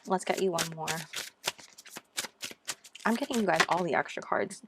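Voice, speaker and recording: A woman with a low voice reads tarot cards for her viewers in a casual, gushing way. She keeps encouraging them and talks to them as "you guys.". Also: normal speed, pauses often, noisy background. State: out of breath. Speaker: tarot reader. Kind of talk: casual tarot reading to camera.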